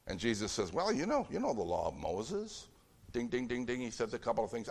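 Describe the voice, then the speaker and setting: A man delivering a sermon in a loose, conversational way. He talks to the congregation directly and slips into other voices when he acts out scenes. His pitch sits in the middle range for a man. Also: big pitch swings, brisk, gravelly, darkish tone. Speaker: pastor.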